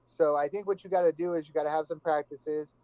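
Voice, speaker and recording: A man's voice: on the high side, fairly even intonation, quick pace, mellow, no room sound, highs cut off. A young man co-hosting a casual sports chat, blunt and opinionated, casually swearing. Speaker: podcast co-host.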